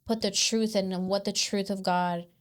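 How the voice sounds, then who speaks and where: A woman's voice: mid-range voice, steady tone, moderate pace. A young woman co-hosting a faith podcast, explaining things in a heartfelt, plain way. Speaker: podcast co-host. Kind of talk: candid faith podcast chat.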